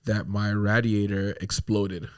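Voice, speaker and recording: A man, a guest on a podcast, telling a story in a casual, animated way, often laughing through it and swearing freely. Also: on the low side, a little slow, clear, resonant tone.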